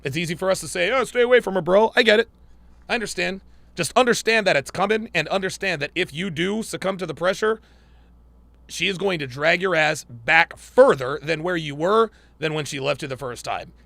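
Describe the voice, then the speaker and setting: Gravelly, bright-voiced male podcast host. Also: fairly high pitch, fairly quick, no room sound. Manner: blunt, profane, emphatic repetition. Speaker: podcast host reacting to clips. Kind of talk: casual reaction commentary.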